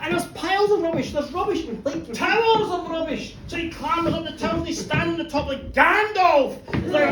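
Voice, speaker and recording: A woman telling a comic story to a live audience in a bar, playful and animated, acting out the characters. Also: high voice, fairly quick, few pauses. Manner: animated, playful, acts out a boy's voice. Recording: echoey bar recorded from far off.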